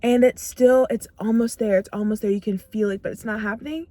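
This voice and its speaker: Young woman vlogger, fairly high voice, dry close sound; emphatic motivational talk, punchy repetition, acts out her own inner dialogue. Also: fairly even intonation, a little fast, mellow, no room sound. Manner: emphatic, repeats phrases for punch. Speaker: self-growth vlogger.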